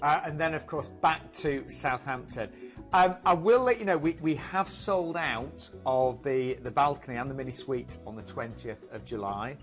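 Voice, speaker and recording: A man co-presenting a live TV cruise show, pushing the deals in brisk, upbeat sales talk. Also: medium pitch, fairly bright tone, soft background music.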